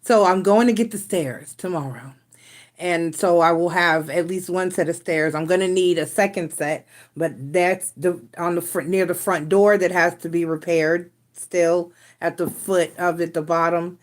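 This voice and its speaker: A woman's voice: fairly low pitch, fairly even intonation, moderate pace. A woman hosting a casual live stream, rambling in a frustrated way with restarts and sighs. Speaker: tarot reader and live stream host.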